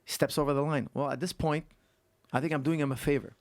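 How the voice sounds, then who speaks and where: A man who is a guest coach on a podcast, telling stories and explaining technique in an animated way that repeats points for emphasis. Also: fairly high pitch, fast talker, dry recording. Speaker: guest martial arts coach. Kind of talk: casual podcast conversation.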